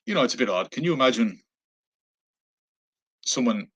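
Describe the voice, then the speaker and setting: This Irish man tells a travel story in a loose, offhand way, stumbling over fillers and starting sentences again as he goes. He has a mid-range, fairly bright voice with lively intonation, a moderate pace, and a breathy edge. He's a travel vlogger sharing an anecdote.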